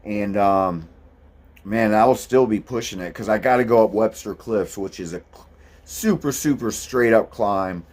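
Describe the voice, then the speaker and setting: Talking at a normal speed in a lowish, somewhat mellow voice, a thru-hiker vlogs about his hike. The monologue is casual and rambling, with an easygoing manner and frequent ums.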